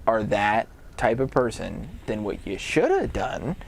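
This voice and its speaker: A man co-hosting a casual live-stream chat, excitable and laughing, often stumbling over his words. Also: on the low side, a little slow, vocal fry, a little hiss or hum. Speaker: podcast co-host.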